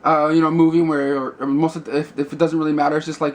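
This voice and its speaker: A man's voice: on the high side, level tone, quick pace. Rambling man reviewing a movie. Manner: rambling, many fillers and restarts. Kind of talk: casual video review.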